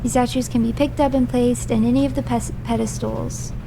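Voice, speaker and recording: A woman's voice: a little high, fairly even intonation, a little fast, gravelly, background noise. A woman streaming a game live. She reads hints aloud, then rants in playful mock outrage and repeats phrases for comic effect. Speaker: virtual streamer.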